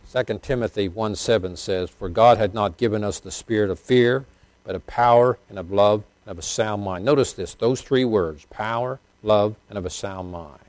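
An older man's sermon, recorded dry and delivered at a moderate pace, rises into loud, emphatic bursts and drops into quiet, low asides. He chuckles and directs questions at the congregation.

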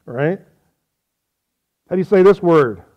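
A man's voice: sits high, measured pace, highs cut off. A man preaching a folksy sermon, quizzing his audience on how they say words.

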